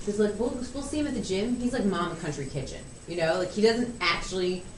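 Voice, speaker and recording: A woman's voice: mid-range voice, fast talker. A young woman telling family stories in casual chat, rambling with lots of "like"s and laughing often. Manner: chatty storyteller, many "like"s and restarts, laughing often. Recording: echoey room, far from mic, noisy.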